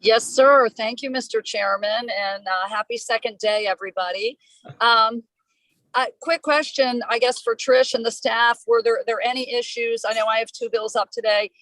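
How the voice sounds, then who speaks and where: A woman legislator asking polite, brisk questions at a committee hearing. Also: on the high side, steady tone, a bit bright, no room sound, poor audio.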